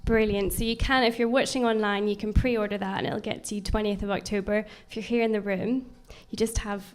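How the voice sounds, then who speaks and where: A woman hosting a live book launch interview, friendly and filling pauses with lots of ums. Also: mid-range voice, steady tone. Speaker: interviewer and event host. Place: event venue with audience.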